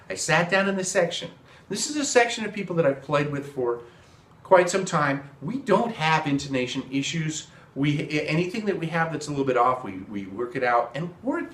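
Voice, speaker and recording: A man's voice: a little high, fairly bright tone, roomy sound, slight background noise. Earnest man giving a trumpet tip. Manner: earnest, repeats for emphasis. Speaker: trumpet teacher. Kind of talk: casual video lesson.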